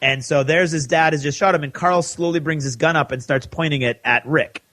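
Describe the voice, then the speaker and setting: A man co-hosting a podcast who gives an animated recap of a TV episode and acts out the characters' lines. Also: fairly high pitch, brisk, no echo. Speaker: podcast co-host.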